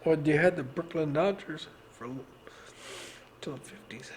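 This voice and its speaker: A man's voice: fairly high pitch, normal speed, a little hiss or hum. A man in his thirties from Texas, rambling in casual podcast chat, swearing and laughing often. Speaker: podcast host.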